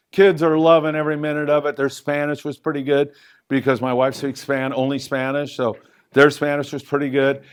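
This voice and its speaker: A middle-aged man at a live event spins fishing stories into a handheld mic. He has a medium-pitched, everyday voice and rambles with plenty of fillers. His pitch jumps up whenever he makes a point. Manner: lively anecdotal storyteller with loose fillers, pitch jumping up for emphasis. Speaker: fishing show host answering audience questions. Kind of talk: live Q&A storytelling. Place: event room with a live audience.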